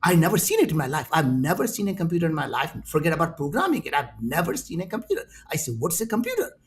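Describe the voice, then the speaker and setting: Animated Indian man telling stories. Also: fairly high pitch, fast. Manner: animated, acts out quoted voices in his stories. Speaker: entrepreneur guest. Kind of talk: storytelling in an interview.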